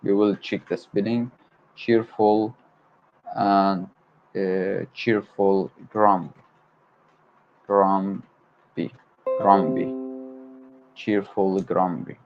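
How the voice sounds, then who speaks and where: A man's voice: sits low, steady tone, extremely slow, pauses often, faint music behind. A man whose first language is Arabic, hosting a study livestream and hesitantly repeating English words aloud to memorize them. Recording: dull lo-fi stream audio.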